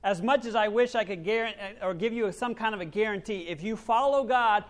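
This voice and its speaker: A man preaching a sermon, swinging from loud emphasis to near-quiet asides and acting out quoted voices. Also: high voice, brisk. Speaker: pastor.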